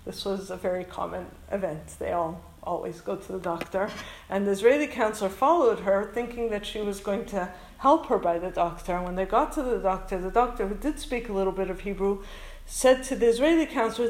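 A woman's voice: mid-range voice, fairly quick, a little mellow, reverberant, poor audio. A woman from Canada, a school principal who runs a summer camp, tells a heartfelt story to an audience. She speaks earnestly and emotionally and drops in Hebrew and Yiddish words.

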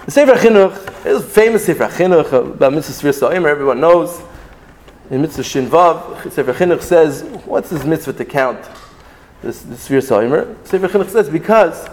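A man teaching a Talmudic lesson, reading Hebrew texts aloud and explaining them in an animated, sing-song way with many restarts. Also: a little high. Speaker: Torah teacher. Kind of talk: Talmudic lecture.

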